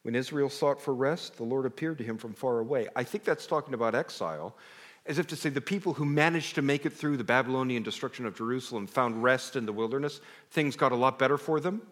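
A man preaching a sermon to a congregation in a conversational, animated way, breaking off mid-sentence and sometimes dropping his voice very low. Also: quick pace. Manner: animated, conversational, self-interrupting, drops to near whisper. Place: church sanctuary. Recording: long hall reverb.

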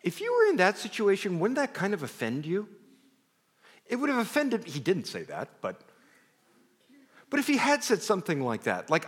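A middle-aged man preaches to a congregation in a warm, conversational way, mixing personal stories with self-deprecating asides. His pitch rises and falls expressively as he talks. His voice rings out with the long reverb of a large hall. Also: huge pitch swings, a little fast, breathy edge. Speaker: pastor. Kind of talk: sermon.

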